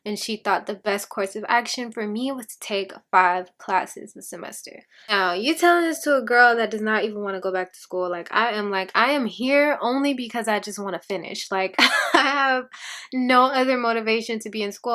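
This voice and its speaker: Animated young woman telling her story. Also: mid-range voice. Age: young adult. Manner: animated storytelling, acts out quoted dialogue; laughs often between phrases. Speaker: vlogger. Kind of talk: personal testimony to camera.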